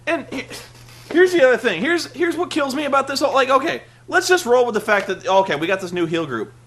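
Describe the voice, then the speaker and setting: High, bright-voiced man ranting sarcastically. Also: big pitch swings, fast talker. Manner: exasperated, sarcastic, swears a lot; rambling with restarts and many "like"s. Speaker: show host reviewing. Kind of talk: ranting monologue review.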